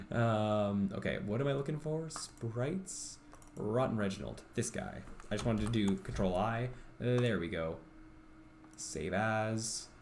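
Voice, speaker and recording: A man's voice: fairly low pitch, a little hiss or hum. A man streaming while he works on a game, thinking aloud in a rambling way with many ums and restarts. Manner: rambling, self-talking, full of ums and restarts.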